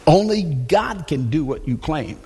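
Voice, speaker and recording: A man's voice: fairly high pitch, big pitch swings, measured pace, dark tone, slightly rough. A man preaching a sermon in a loose, conversational way, restarting and repeating words as he talks. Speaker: pastor. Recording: long hall reverb.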